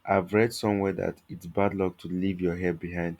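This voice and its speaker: Young woman customer, read by a man, playful, confident, very low voice, storybook. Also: little pitch movement, moderate pace, darkish tone, dull audio.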